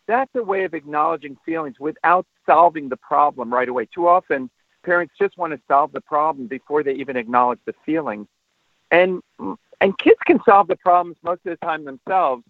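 A man speaking as a parenting expert, earnest and explanatory, getting animated when he demonstrates. His voice sits a bit high for a man. He comes through a dry, tinny phone line. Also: moderate pace, dry recording. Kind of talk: explanatory interview answers.

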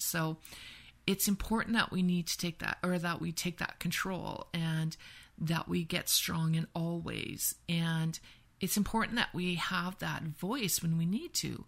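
A woman from Canada with a lowish, gravelly voice, speaking as a podcast guest who teaches women's empowerment. She talks through her points casually, leaning on "right?" and slipping into little acted-out example lines. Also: steady tone, moderate pace. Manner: explains with repeated "right?" and acted-out example phrases.

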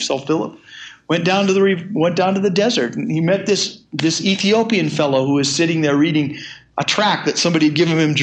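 An older man preaching a sermon, reading scripture aloud in measured tones and then retelling it casually with chuckles. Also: a little high. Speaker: pastor.

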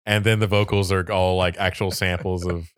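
A man with a Florida accent talks loosely on a podcast, rambling and joking and laughing often. His voice sits low. The sound is dry and close, with no room around it. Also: clear, resonant tone, no room sound. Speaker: podcast co-host. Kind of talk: casual chat.

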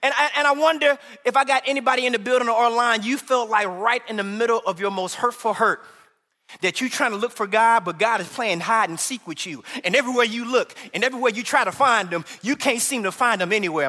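A man preaching a sermon in a church, impassioned and conversational, sometimes rising to shouts. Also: extremely high pitch, fast talker. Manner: impassioned, rising to shouts when voicing cries to God. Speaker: pastor. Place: large church hall. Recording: echoey hall reverb.

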